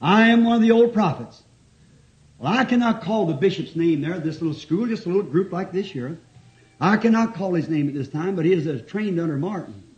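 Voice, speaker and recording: A man, exclaiming and chuckling as he drives each point home. His voice sits high and leaps up and down with feeling. The old 1960s tape makes it sound muffled and dull. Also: animated, a little mellow. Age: 50s. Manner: fervent, exclaiming, quick to chuckle. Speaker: preacher. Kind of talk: fervent sermon. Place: church before a responding congregation.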